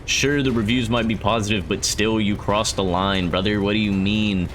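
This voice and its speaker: A man's voice: on the low side, steady tone, normal speed, fairly bright tone, slight background noise. A young man casually commenting as he plays a game, joking, reacting aloud and slipping into silly voices. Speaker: gameplay streamer. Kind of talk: let's play commentary.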